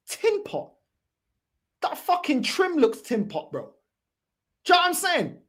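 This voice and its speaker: A woman hosting a football fan channel, delivering a heated, profane, mocking reaction rant. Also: high voice. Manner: profane, mocking, repeats "bro".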